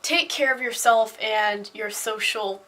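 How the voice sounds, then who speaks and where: A woman's voice: on the high side, slow pace, bright, forceful tone. A young woman vlogging in a casual, candid way, full of fillers and asides. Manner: chatty, candid, many fillers like "like" and "um". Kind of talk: casual talking-head vlog.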